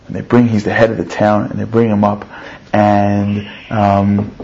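A man teaching through a story in an animated way, his voice climbing high on emphatic points and repeating words as he builds the tale. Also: unhurried. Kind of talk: storytelling lesson. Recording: dull lo-fi recording.

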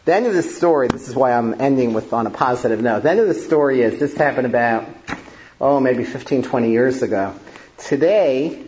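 A man's voice: mid-range voice, lively intonation, normal speed, a little mellow, muffled recording, a little hiss or hum. A male family therapist telling a story to an audience in a conversational way, with many fillers.

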